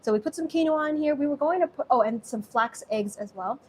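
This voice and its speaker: Her voice is high and fairly quick, with some hiss or hum in the background. A young American-accented host from Singapore, she runs a live cooking stream in her kitchen, gushing chattily and calling out thanks to viewers by name.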